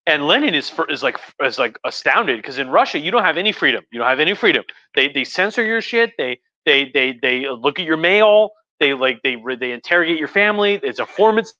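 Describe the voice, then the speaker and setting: Tipsy man, bright forceful voice, crude and rambling, dry muffled audio. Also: a little high, no room sound. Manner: crude, profane, rambling with restarts. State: tipsy from wine. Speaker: host. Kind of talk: casual livestream history talk. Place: home room.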